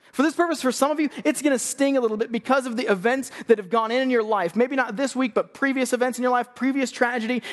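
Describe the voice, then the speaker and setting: A man in his thirties preaching on a church stage, energetic and joking in a conversational way. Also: extremely high pitch. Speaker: youth pastor. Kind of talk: sermon. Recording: long hall reverb.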